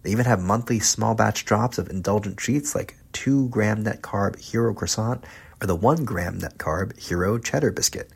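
A male radio host with a low, husky voice and a lively, swinging intonation. He asks questions in a loose, conversational way. A faint music bed sits under him. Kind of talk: radio interview and ad read.

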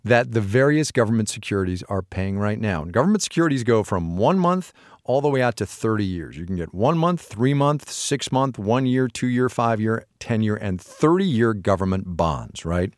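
A middle-aged man walks through an economics topic in casual podcast chat, asking questions and then answering them himself. His voice sits low but moves a lot in pitch. The sound is close and dry. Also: expressive, moderate pace, no room sound. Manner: patient, explanatory, asks and answers his own questions. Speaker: podcast co-host explaining economics.

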